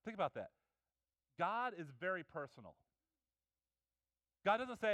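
A man preaches a sermon in an earnest, conversational way, often restarting his sentences. His voice sits high and comes across smooth and resonant. The sound is dry and close. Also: moderate pace, fairly bright tone, no room sound. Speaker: pastor.

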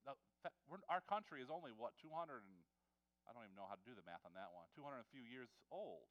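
A man preaching a conversational sermon, often repeating words and swinging between loud stresses and quiet asides. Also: medium pitch, expressive, fast talker, highs cut off.

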